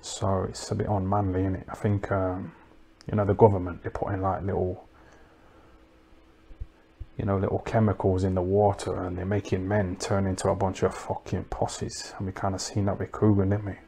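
A man doing a rambling comic monologue, deadpan and crude, mocking people and tacking "innit" and "you know what I mean" onto his lines. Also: low-pitched, normal speed, gravelly, slight background noise. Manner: deadpan, crude and mocking, full of tag questions. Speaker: comedic livestream host.

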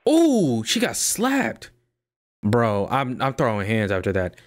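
A man casually commenting as he plays a game, talking to himself and reacting loudly. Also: mid-range voice, wildly swooping pitch, measured pace, noisy background. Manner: talks to himself, hums melodies, jumpy reactions. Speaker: streamer playing a game. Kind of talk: casual let's-play commentary. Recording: game music playing behind.

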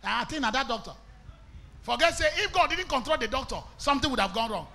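A Nigerian man preaching a fiery sermon in a very high, piercing voice. He talks in a sharp, forceful tone and often breaks into shouts. Some Pidgin phrases are woven into his English. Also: lively intonation, fast, gravelly. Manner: impassioned preaching, bursts into shouts, mixes in Pidgin. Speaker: evangelist.

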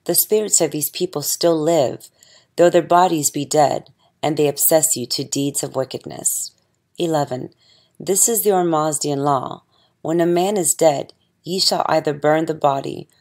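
A woman reading scripture aloud as an audiobook, measured and solemn. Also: sits low, darkish tone. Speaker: audiobook reader.

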